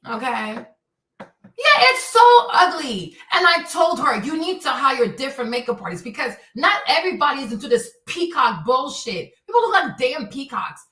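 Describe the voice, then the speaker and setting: Woman streamer, high lively voice, bright, profane rant, echoey room a little off the mic. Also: normal speed, recorded from a distance. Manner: profane, exasperated, rambling. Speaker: streamer host. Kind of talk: casual livestream rant.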